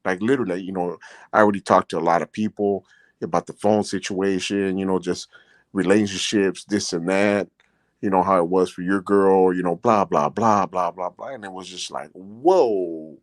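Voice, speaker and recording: Deep-voiced and speaking at a moderate pace with fairly even intonation, this middle-aged man hosts a podcast and is a former prisoner. He rambles casually through personal stories, filling gaps with "you know" and turning earnest and emotional; the recording has no echo.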